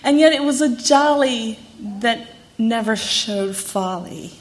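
A woman's voice: on the high side, takes it slowly. Woman reflecting at a memorial. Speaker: mourner speaking at a memorial. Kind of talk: memorial tribute speech.

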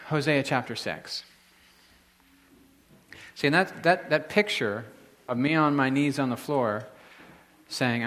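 A man's voice: medium pitch, a bit bright. A married man preaching a sermon in a casual, conversational way, with frequent restarts and filler words. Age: adult, married. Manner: conversational, halting with many restarts. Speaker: pastor.

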